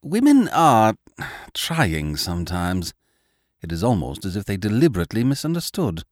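A man's voice: on the low side, wildly swooping pitch, normal speed, a little mellow, no echo, studio quality. A man reading a storybook as a wry, easygoing male dog narrating his own tale. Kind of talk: audiobook narration.

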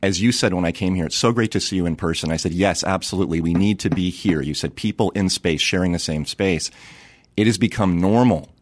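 A man in his forties, a psychiatrist and author, speaking in a measured, earnest and emphatic way as an interview guest. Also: sits low, no room sound. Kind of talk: interview conversation.

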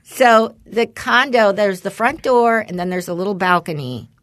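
A woman's voice: medium pitch, moderate pace, no room sound. Rambling woman telling a casual story. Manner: rambling storyteller, animated when quoting others. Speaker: podcast co-host. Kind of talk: casual chat.

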